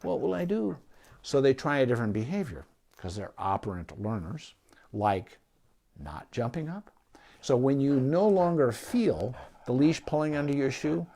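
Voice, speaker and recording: A middle-aged male veterinarian gives relaxed, practical advice on training a dog. His delivery is folksy and conversational, and he keeps checking in with listeners with a quick "okay?". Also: medium pitch. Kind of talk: casual instructional talk to camera.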